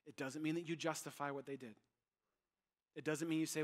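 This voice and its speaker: A man preaching a sermon as pastor, emphatic and animated, repeating his points. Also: fairly high pitch, brisk.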